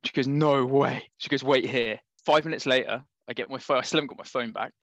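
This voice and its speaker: A man with a London accent, a startup founder guest, chatting and telling an animated story on a podcast. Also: mid-range voice, very fast, no echo, lo-fi sound. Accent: London English. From England. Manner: animated anecdotal, laughs often.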